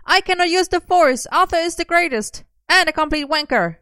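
A woman reading aloud, voicing an excitable, playful young man who shouts and pleads. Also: a little high, brisk, no room sound, clean studio sound, voice pushed up.

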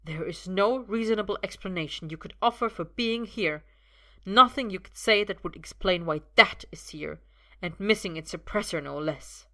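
A woman reading the part of a cold, contemptuous middle-aged father who holds a gun, speaking low and sneering. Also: moderate pace, sharp tone. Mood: cold contempt.

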